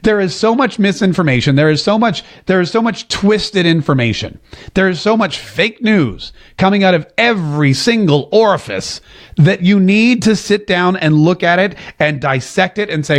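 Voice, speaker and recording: A man's voice: high voice, expressive, moderate pace. A man hosting a political podcast, delivering an opinionated monologue and repeating phrases for emphasis. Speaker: political commentary host. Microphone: seated at a desk mic.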